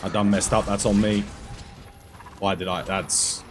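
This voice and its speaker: A hoarse man, losing his voice, giving chatty, self-deprecating commentary while coaching other players through a game. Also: on the low side, little pitch movement, measured pace, noisy background. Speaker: gaming streamer coaching players. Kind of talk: casual gameplay commentary.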